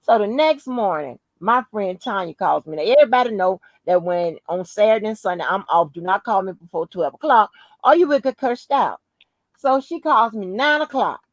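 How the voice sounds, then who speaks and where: At a moderate pace and medium pitch, a podcast host recounts a story in casual chat, swearing often and stressing her words. Her storytelling is animated, emphatic and profane, captured in poor audio with no room sound.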